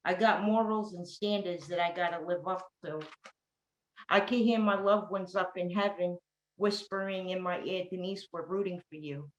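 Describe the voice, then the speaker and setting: A woman with a New York accent performing an earnest, rhythmic spoken word poem about recovery. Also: on the low side. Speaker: poet in recovery. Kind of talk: spoken word poetry reading. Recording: roomy echo.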